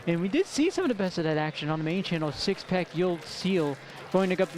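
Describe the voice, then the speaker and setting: A male esports caster at a tournament venue, talking into a headset with a notably high voice. His voice sounds strained and worn from a long day, and he delivers chatty play-by-play with playful asides. A faint hum of background noise sits behind him. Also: animated, a little fast, a little mellow. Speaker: esports commentator. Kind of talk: live tournament commentary.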